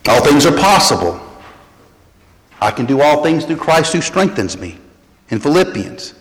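A man preaching a sermon as pastor, animated and repeating key phrases. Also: fairly high pitch, measured pace. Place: church sanctuary. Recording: echoey church hall.

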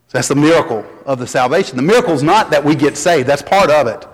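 A man preaching a sermon as pastor, folksy and animated, building to strong emphasis. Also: on the high side, quick pace, hardly any pauses, breathy edge, long reverb tail.

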